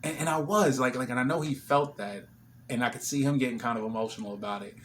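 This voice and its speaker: Man telling an emotional story, mid pitch. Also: fast, slight background noise. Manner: emotional, retelling a conversation with quoted back-and-forth. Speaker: vlogger. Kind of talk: casual storytelling.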